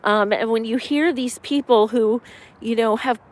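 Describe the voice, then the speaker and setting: A woman from Pennsylvania, a campaign volunteer, chatting casually on a live stream, emphatic and excited, swearing, with lots of ums. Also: fairly high pitch, unhurried. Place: outdoors in winter.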